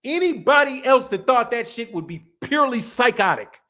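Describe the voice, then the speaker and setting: A fairly high-pitched young man hosts a boxing stream in a heated rant. He repeats his points over and over, swears freely, and jumps between loud, shouted bursts and low, muttered asides. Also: expressive, moderate pace. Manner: emphatic, repetitive, profane, swings between loud and quiet. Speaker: boxing channel host.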